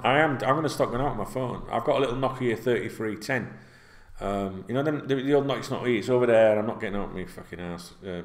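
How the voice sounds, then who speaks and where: Bloke rambling at home, swears a lot, lowish voice, echoey room. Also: male voice, fairly bright tone. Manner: chatty, sweary, with many fillers. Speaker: football vlogger. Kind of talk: casual rambling monologue. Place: indoors at home, seated. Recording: roomy echo.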